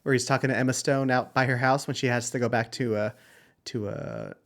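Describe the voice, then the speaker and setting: A man co-hosting a podcast, talking bluntly about a movie with deadpan jokes and frequent swearing. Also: mid-range voice, brisk, creaky. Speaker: podcast co-host. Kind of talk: casual movie-review chat.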